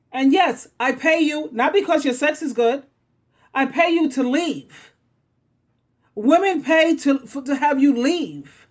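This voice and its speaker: A woman hosting a casual relationship talk, speaking bluntly with a sassy, teasing edge. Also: high voice. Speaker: talk show host.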